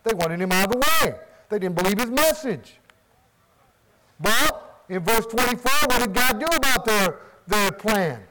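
Man, preacher, high voice, emphatic questions, crowd heard behind. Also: lively intonation, unhurried, rough recording. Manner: emphatic, asks and answers his own questions. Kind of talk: sermon.

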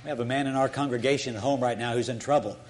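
A man's voice: mid-range voice, fairly even intonation, very fast. An older man preaching a sermon in an earnest, folksy storytelling way, often restarting his sentences.

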